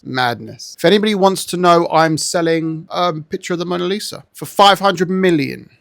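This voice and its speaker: A man giving casual, joking reaction commentary, animated and prone to swearing. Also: sits high, normal speed, creaky, hardly any pauses, no room sound, clean studio sound. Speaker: video reactor.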